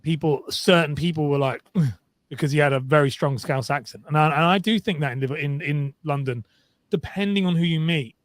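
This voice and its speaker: A man originally from Liverpool co-hosts a relaxed podcast, teasing his co-host and telling stories with plenty of laughter. His voice sits a bit high for a man. The sound is dry and close to the mic. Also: no room sound. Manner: chatty, teasing, quick to laugh. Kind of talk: casual chat.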